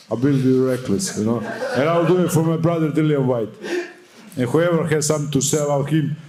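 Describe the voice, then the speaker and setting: A man's voice: medium pitch, darkish tone. Man, young adult, boxer at a press conference, fiery, profane, defiant.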